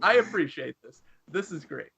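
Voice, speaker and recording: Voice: medium pitch, lively intonation, normal speed, vocal fry, noisy background. A podcast co-host bantering casually, joking and laughing a lot, often restarting his words.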